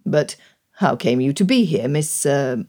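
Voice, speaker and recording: A weary aristocratic gentleman, put on by a woman reading aloud, pitched well below her own voice and mellow in tone. He speaks in clipped, impatient phrases, a storybook figure. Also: animated, unhurried, exaggerated voice.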